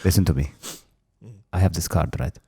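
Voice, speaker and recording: A man voicing a pushy male customer with an Armenian accent who talks low and insistent, trying to get a stolen card rung up. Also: normal speed, dark tone, husky, no echo, studio quality. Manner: low, insistent, conspiratorial, calls everyone bro.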